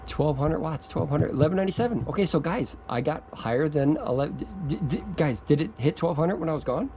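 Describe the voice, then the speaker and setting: A man with a gravelly, mellow voice rambles through an off-the-cuff review outdoors, stammering and restarting. He gets giddy and laughs easily. Faint outdoor noise sits behind him. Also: fairly high pitch, lively intonation, a little fast, rough recording. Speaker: product reviewer. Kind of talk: excited off-the-cuff video review.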